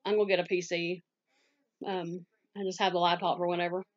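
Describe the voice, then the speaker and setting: Southern lady, 40s, talks quick and chatty, little dull lo-fi sound. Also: lowish voice, flat delivery. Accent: Southern American. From Southwest Virginia, US. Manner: fast-talking, chatty, laughs easily. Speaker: YouTube scam-baiter answering viewer questions. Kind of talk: casual Q&A vlog.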